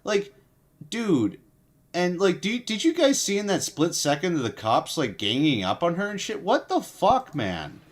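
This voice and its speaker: A man's voice: sits high, big pitch swings, measured pace. A sleep-deprived young man hosting a casual livestream, swearing heavily and restarting his sentences as he rambles. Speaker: livestream host.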